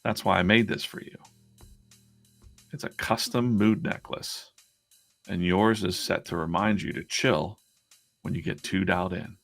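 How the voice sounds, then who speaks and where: A man reading as a kind, gravelly cartoon elephant. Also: low-pitched, fairly even intonation, unhurried, long pauses, fairly bright tone, faint music behind, exaggerated voice. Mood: gentle.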